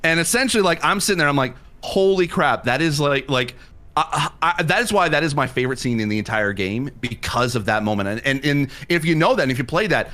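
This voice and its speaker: A man hosting a livestream, telling a personal story in a casual way and acting out his own excited reactions. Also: a little high, quick pace. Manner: animated retelling that acts out his own past reactions. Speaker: livestream host.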